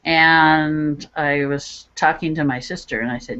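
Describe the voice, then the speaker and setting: A woman's voice: deep voice, measured pace, hardly any pauses. A middle-aged woman, a psychic medium, telling her personal story as an interview guest and acting out the voices of people in it. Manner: animated, acts out voices in her stories. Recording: dull lo-fi radio audio.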